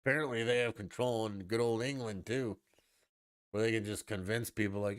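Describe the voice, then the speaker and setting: A man's voice: lowish voice, fairly even intonation, brisk, dry recording, clean studio sound. A man hosting a podcast, ranting casually with profanity and sarcastic mock voices. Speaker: podcast host.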